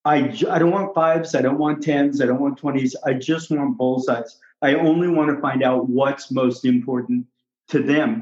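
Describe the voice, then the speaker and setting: A man, a doctor, coaching on how to talk with patients, emphatic and repetitive, acting out examples as he goes. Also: a little high. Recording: roomy, slightly dull recording.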